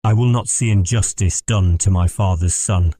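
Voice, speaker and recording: A man reading an audiobook, voicing an earnest young gentleman who defies his mother. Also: low-pitched, moderate pace, breathy edge. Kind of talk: audiobook character voice.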